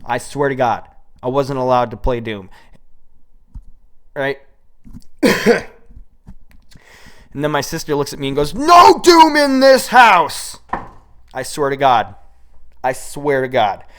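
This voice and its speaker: A young American man in his twenties telling a long personal story on his own. His delivery is rambling, animated and full of swearing, at an ordinary, mid-range pitch. It is recorded on an old microphone. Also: a little slow, pauses often. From United States. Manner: rambling, profane, animated retelling. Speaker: solo storyteller. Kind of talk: casual storytelling monologue.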